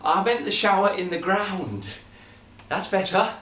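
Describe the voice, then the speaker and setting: A man's voice: high voice, expressive, unhurried, a bit bright, reverberant. A man on stage voicing a fussy, proper mother who keeps correcting her son. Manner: correcting, bossy. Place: live stage show.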